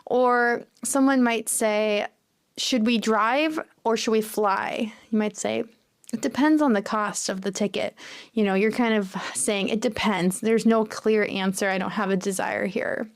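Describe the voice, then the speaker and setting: A woman's voice: medium pitch, fairly even intonation, normal speed, clean tone. A woman teaching everyday English phrases, explaining each one and acting out short example exchanges.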